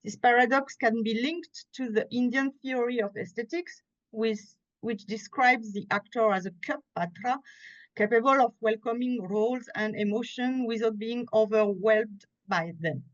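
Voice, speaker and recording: A woman with a French accent, reading an academic paper aloud at a conference in a careful, measured way, pausing now and then to correct a slip. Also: on the high side. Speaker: conference speaker. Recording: muffled, lo-fi conference audio.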